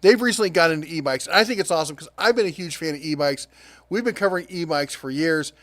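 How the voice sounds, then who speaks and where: A middle-aged man hosting a casual deals rundown, chatty and quick with asides, laughing at his own jokes. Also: fairly high pitch, no echo. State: prone to coughing fits. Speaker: host of a tool and deals channel.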